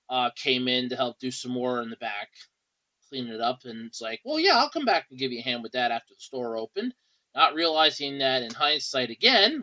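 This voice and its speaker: Bright-voiced rambling podcast host, man. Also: medium pitch, muffled recording. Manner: rambling, wry, with frequent fillers. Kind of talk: casual monologue.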